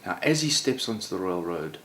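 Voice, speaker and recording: A man telling a story aloud in a relaxed, conversational way, often slipping in "sort of" as he goes. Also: low-pitched, fairly quick. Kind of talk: oral storytelling. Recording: roomy echo, faint background noise.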